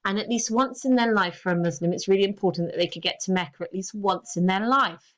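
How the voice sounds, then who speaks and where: A woman's voice: mid-range voice, quick pace, a bit bright. A woman teacher, giving a recorded lesson and explaining things step by step in an encouraging way.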